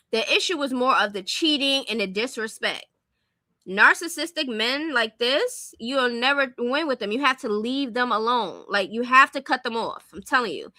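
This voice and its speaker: A young woman with a high, very bright voice, talking casually and bluntly to her audience. She is close on the mic in a dry room with no echo. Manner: blunt, opinionated, speaks directly to viewers. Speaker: commentary streamer. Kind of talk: casual commentary on celebrity gossip.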